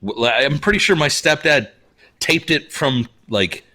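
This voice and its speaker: Podcast host, thirties, from Minnesota; bright tone, lively storytelling rants. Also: male voice, a little high, unhurried. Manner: animated, ranting storyteller who laughs often. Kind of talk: casual chat.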